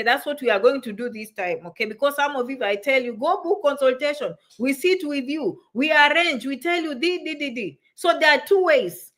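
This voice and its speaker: A woman's voice: sits high, brisk, few pauses, fairly bright tone. A woman hosting a livestream, reading viewer comments and giving visa advice, emphatic and often asking "okay?". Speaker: immigration visa advisor and livestream host. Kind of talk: live stream talk, reading viewer comments. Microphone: livestream setup.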